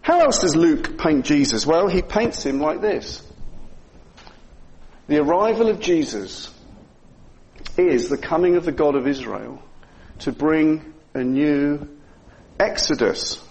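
Male preacher, high and very animated delivery, chatty and self-amused. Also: slow pace, long pauses, rough recording. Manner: chatty, asks the listeners questions, chuckles at himself. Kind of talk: conversational Bible teaching.

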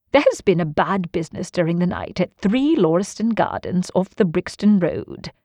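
A woman reading a classic novel aloud at a middling pitch, her delivery measured and even. The recording is dry and close, with no room echo. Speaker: audiobook narrator. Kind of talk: scripted narration.

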